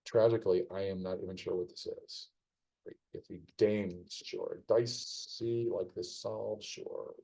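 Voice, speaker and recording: Gravelly low man thinking aloud. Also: steady tone, unhurried, dark tone, rough recording. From United States. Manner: rambling, wry asides, thinking aloud. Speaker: streamer solving a crossword. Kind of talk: casual live-stream commentary while solving.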